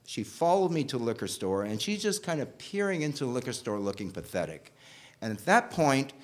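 A man telling a personal story, animated, swinging from loud bursts to hushed asides. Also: medium pitch, fairly quick.

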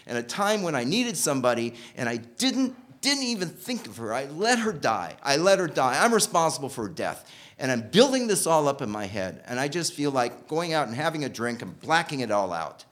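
A man's voice: big pitch swings, normal speed, a bit bright. A man telling an emotional personal story from his own life, acting out the people he quotes. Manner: emotional, voices quoted people with big pitch jumps.

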